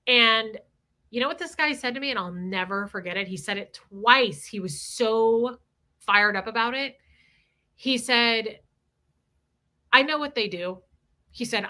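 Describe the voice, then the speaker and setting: A middle-aged woman hosting a livestream, telling a story in a candid, animated way and swearing freely. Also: fairly high pitch. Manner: animated, candid, swears freely, reads super chats aloud. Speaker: livestream host.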